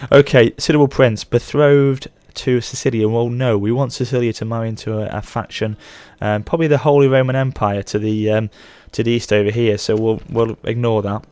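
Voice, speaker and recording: His medium-pitched voice is steady and a little mellow, running a little fast with hardly any pauses and no room sound. A gaming channel host in his thirties, he rambles casually through let's play commentary and often corrects himself mid-sentence.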